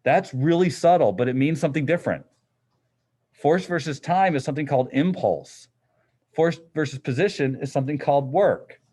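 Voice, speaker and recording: A man's voice: fairly high pitch, normal speed, warm tone, slightly rough. A middle-aged man teaching a physics class in a classroom, explaining in a casual, conversational way. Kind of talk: classroom lecture.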